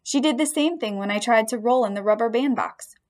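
A woman narrating a children's story aloud in the first person, with expressive storytelling. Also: fairly high pitch, brisk. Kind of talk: audiobook storytelling.

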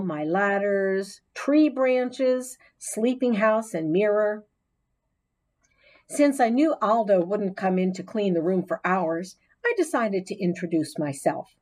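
A woman narrating a children's storybook in the voice of a chatty hamster classroom pet, with expressive storytelling. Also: mid-range voice. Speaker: audiobook narrator.

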